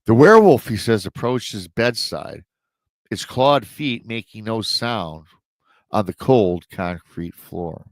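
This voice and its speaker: A man's voice: on the low side, animated, slow pace, no echo. A man hosting a show, casually retelling a listener's true encounter story with rambling asides to his audience. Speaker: host and storyteller.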